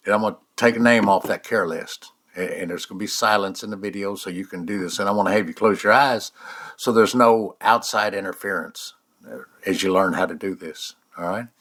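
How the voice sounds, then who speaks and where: Older man, very deep voice, folksy guided exercise, slow and soft. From United States. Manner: folksy, repeats "all right?" and "okay?"; slow, soft-spoken guidance. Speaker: author teaching a mind exercise. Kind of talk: guided eyes-closed exercise talk.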